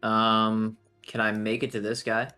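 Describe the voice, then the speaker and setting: Low-voiced man playing a tabletop game. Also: completely flat delivery, unhurried, sharp tone, clear, resonant tone, faint music behind. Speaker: player. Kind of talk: casual tabletop play.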